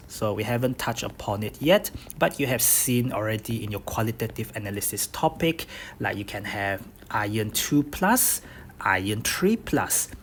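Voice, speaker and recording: A man with a Bruneian accent teaches a recorded chemistry lesson at a mid-range pitch. He walks through each point slowly and repeats the key ones. A faint hiss sits under his voice. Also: fairly bright tone. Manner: explains step by step, repeats key points, says "okay?" often. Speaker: chemistry tutor. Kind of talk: recorded lecture over slides.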